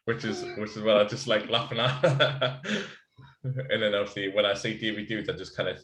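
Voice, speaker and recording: A man's voice: on the low side, steady tone, moderate pace, fairly bright tone. A man, co-hosting a podcast, chatting casually over beers with rambling, laughing banter. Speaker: podcast co-host. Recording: echoey room.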